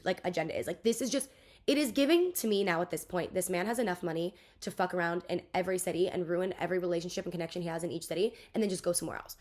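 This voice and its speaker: A young woman in her twenties telling a casual storytime rant, chatty and profane, dropping into mock voices. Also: fairly low pitch. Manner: fast, chatty, swears a lot, lively mock voices. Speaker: vlogger.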